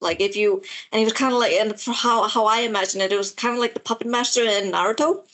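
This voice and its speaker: A woman's voice: on the high side, fast, a bit bright. A woman co-hosting a podcast, talking casually about a book in a rambling way, full of fillers and restarts. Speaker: podcast co-host. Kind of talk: casual chat about books.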